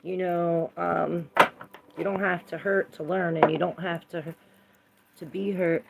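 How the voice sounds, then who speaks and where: A woman tarot reader in a casual livestream chat, rambling between her thoughts and greeting viewers by name, with a gravelly voice. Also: lowish voice, steady tone, unhurried, very noisy.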